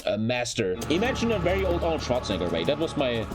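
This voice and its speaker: A German-accented streamer tells a personal story while gaming, speaking fast in a medium-pitched voice over a noisy background. He's animated and casual, swearing often and repeating phrases for emphasis.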